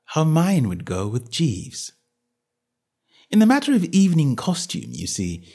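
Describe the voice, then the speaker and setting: Man with a lively, playful reading voice. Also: mid-range voice. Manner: playful, mock-grand first-person storytelling. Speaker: audiobook narrator. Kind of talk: scripted narration of a comic novel.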